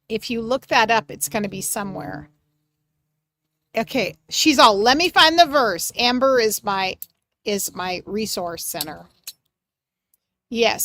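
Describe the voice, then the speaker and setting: Woman psychic doing a livestream reading, dry close sound, soft and affectionate, gets excited sometimes. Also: fairly high pitch, dry recording. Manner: gentle and affectionate, often soft, with excited bursts. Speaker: psychic medium.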